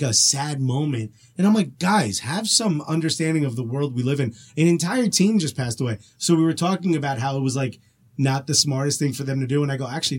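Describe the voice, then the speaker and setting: A man chatting as a podcast guest, an animated storyteller who laughs often. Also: mid-range voice. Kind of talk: casual podcast chat.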